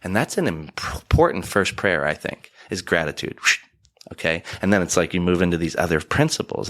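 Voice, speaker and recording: A man in his forties, a podcast guest, talking earnestly and reflectively, acting out little asides as he tells stories. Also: deep voice. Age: 40s. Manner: earnest, animated storytelling with acted-out asides. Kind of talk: reflective conversational talk. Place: studio, in person.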